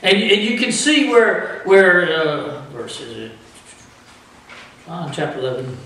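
A man preaching a sermon as pastor, with animated delivery that acts out the voices of the people in his story. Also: a little high, slow, vocal fry. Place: church sanctuary. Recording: echoey church from far off.

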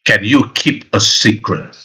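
A stern old mentor figure, grave and urgent, handing down solemn commands in a low voice, as a game master puts him on. He pleads and orders at once, each line weighted like a last request. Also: measured pace, pushed and bright, rough recording.

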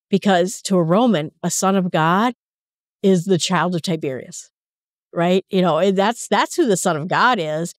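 A woman's voice: medium pitch, moderate pace, a little mellow, no room sound, studio quality. A woman hosting a Bible teaching podcast who talks casually and mixes in personal stories and asides. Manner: conversational storyteller with asides.

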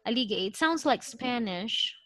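A woman's voice: on the high side, expressive, measured pace, a bit bright, dry recording. A woman with a Filipino accent teaches an online lesson over a video call. She is patient and thinks aloud, with many okays. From Philippines.

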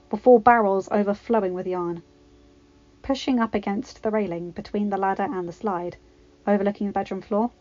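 A woman reads a story aloud in a plain, steady voice of middle pitch. The recording is a little dull and lo-fi. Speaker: fanfiction reader.

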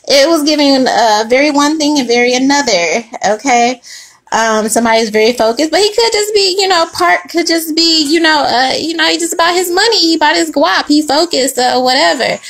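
A woman's voice: sits high, a bit bright. A young woman reading tarot in a casual, slangy chat, laughing often as she talks to her viewers. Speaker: tarot reader.

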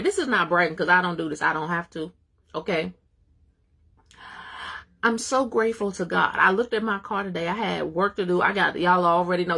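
A woman's voice: on the low side, a little fast, creaky, a bit bright, slightly rough. A woman teaching a live-streamed Bible study, exhorting her viewers, calling out to them by name, speaking.

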